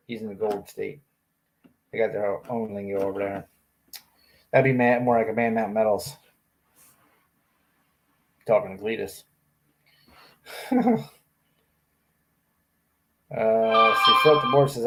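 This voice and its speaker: A man's voice: on the low side, takes it slowly, pauses often, fairly bright tone. A man hosting a livestream in a small room, casually reading out viewer comments and joking around. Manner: joking, chatty, often laughing. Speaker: livestream host. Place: small hot room indoors.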